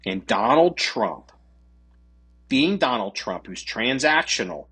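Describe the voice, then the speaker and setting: Man, podcast co-host, casual political chat, profane, lively intonation, husky voice. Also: medium pitch, slow. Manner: profane, animated, mocking voices of others.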